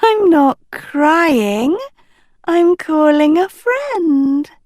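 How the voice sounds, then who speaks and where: A woman voicing a haughty young princess who speaks in a prim, drawn-out way. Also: high voice, lively intonation, darkish tone, no echo, studio quality, voice pushed up, heavily acted.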